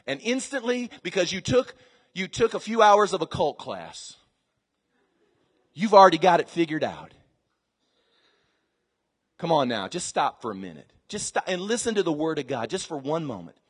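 High-voiced preacher man in echoing hall. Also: very animated, normal speed, long pauses, husky. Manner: dramatic swings from quiet asides to shouted scripture. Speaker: pastor. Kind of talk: sermon. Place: large church hall with live congregation. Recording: church sermon recording with long reverb.

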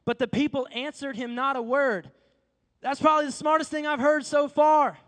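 A man preaches in a large hall, his very high voice trailing off in long reverb. He tells the story in a lively, slangy way and acts out the dialogue as he goes. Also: moderate pace. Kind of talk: sermon.

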